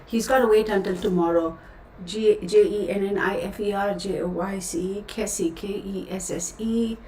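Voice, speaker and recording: A woman's voice: mid-range voice, steady tone, moderate pace, darkish tone, a little hiss or hum. Woman, Texan accent, chatty livestream host, rambling asides, roomy echo, slightly distant mic. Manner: chatty, self-interrupting, addresses viewers as y'all. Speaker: tarot reader, channel host. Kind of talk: casual livestream chat.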